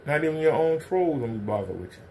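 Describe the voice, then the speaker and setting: A man's voice: on the high side, expressive, quick pace, warm tone, slight background noise. A man hosting a livestream, ranting confrontationally and hammering the same pointed questions. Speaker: livestream commentator.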